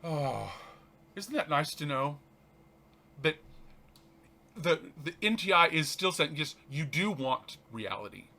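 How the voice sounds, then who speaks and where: Bright-voiced man reflecting on scripture. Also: on the high side, gravelly. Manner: animated, halting, frequent restarts and laughs. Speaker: reverend and show host. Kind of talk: reading and commenting on a spiritual text.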